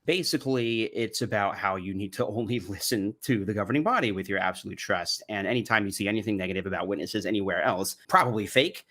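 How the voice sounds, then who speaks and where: A man's voice: lowish voice, fast, few pauses, pushed and bright. A man giving sarcastic, mocking commentary on religious videos. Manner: sardonic, mocking. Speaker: commentary YouTuber.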